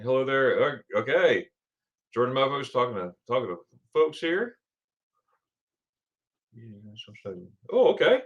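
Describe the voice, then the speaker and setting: Chatty man with a lively voice. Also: mid-range voice, normal speed, pauses often, highs cut off. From Florida. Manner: chatty, laughs often, greets viewers by name. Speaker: livestream host. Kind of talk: casual live chat reading viewer comments.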